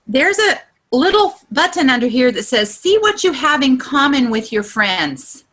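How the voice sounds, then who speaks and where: A woman giving a casual online training session over a video call, chatty and exclamatory, her voice climbing high whenever she gets excited. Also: measured pace. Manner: chatty and exclamatory, with many "look" and "you know". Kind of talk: casual instructional talk.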